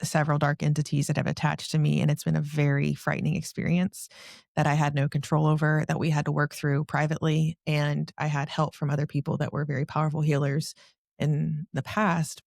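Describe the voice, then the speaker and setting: A woman's voice: sits low, completely flat delivery, fairly quick, gravelly, a little mellow, no echo, clean studio sound. A woman, a podcast guest, telling a personal story emotionally, with many "like" fillers and a racing, breathless manner.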